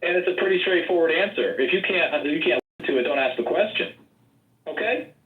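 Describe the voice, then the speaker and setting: A man with a fairly high voice gives a forceful, rambling campaign speech and keeps talking over anyone who interrupts. The audio is a roomy online call with a lot of echo. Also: animated, fast talker, narrow, tinny audio. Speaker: political candidate. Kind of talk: combative campaign speech in a group voice chat.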